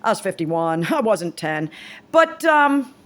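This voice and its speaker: A woman's voice: mid-range voice, big pitch swings, slow, a bit bright. A woman in her fifties talking casually to camera, rambling and blunt, swearing freely and restarting her sentences. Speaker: vlogger.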